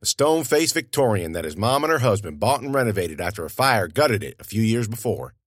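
Man, audiobook narrator, folksy storytelling, lively inflection, dry close sound. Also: lowish voice, a little fast, no echo.

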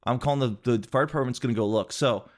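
Guy riffing through a funny story, middle-pitched voice, swears a lot, jumps into voices for people. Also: fast. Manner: animated, swears, acts out other people's voices. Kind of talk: comedic storytelling monologue.

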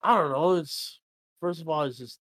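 A man's voice: on the high side, normal speed, a bit bright, no echo. Casual young man, dry close sound. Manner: rambling, swears freely, acts out both sides of dialogue. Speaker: podcast co-host. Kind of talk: casual podcast chat.

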